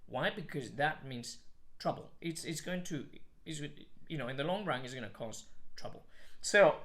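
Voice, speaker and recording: A man's voice: a little high, a bit bright. A middle-aged man teaching singing, explaining technique with many restarts. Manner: explains with sung examples, many restarts and fillers. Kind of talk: voice lesson with sung demonstrations.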